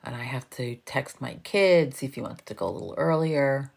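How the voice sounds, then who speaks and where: A woman in her fifties with a very deep, gravelly voice. She talks casually to her viewers, laughs a lot and swears freely. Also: brisk, darkish tone. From New York. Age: 50s. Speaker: livestream host.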